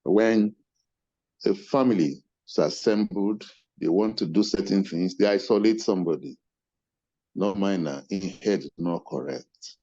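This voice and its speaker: An older man speaks in a lowish voice with a mellow, dark tone, giving earnest, measured remarks as a webinar convener. His voice comes through muffled video-call audio with a dull, lo-fi edge. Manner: earnest, measured, thanks attendees by name.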